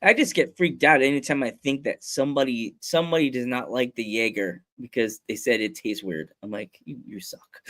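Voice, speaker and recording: A man's voice: medium pitch, a little fast, fairly bright tone. A man co-hosting a podcast in casual chat, joking and teasing with frequent laughs. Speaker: podcast co-host.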